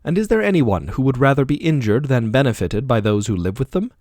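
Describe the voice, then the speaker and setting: A man's voice: medium pitch, expressive, fast, darkish tone, no room sound, clean studio sound, natural voice. A man reading the part of an aging male philosopher defending himself in court, with probing, rhetorical questioning. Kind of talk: audiobook dialogue reading.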